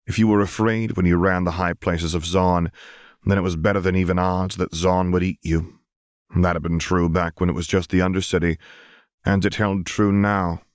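Deep-voiced man narrating a story. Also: level tone, moderate pace, no echo, studio quality. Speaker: audiobook narrator. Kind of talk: scripted fiction narration.

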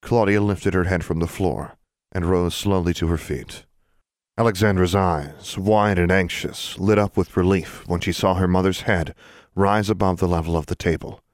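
A man reading a story aloud as a narrator, in even, measured storytelling. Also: deep voice, dry recording, studio quality. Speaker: audiobook narrator. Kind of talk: scripted narration.

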